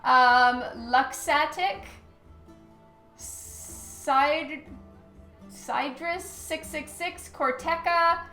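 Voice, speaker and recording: A woman's voice: high-pitched, extremely slow, sharp tone. A woman, a comic artist, chatting casually on a live stream while she draws, thanking viewers by name with frequent ums. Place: studio at a light table. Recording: roomy echo with faint music.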